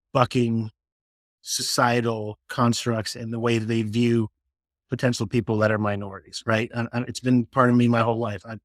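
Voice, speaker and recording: A middle-aged man from Florida talks through his personal stories as an interview guest. His voice sits at an ordinary middle pitch, recorded close and dry with no room sound. He slips into the voices of the people in his stories and often restarts his sentences. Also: no room sound. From Florida, USA. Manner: animated storyteller who acts out quoted dialogue, frequent restarts. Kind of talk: casual storytelling interview.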